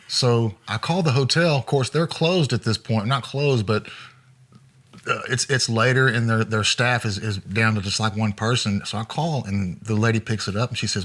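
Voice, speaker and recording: Man telling road stories, low voice. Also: moderate pace. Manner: relaxed anecdotal storytelling, chuckling. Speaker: guest, former road manager. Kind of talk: storytelling interview.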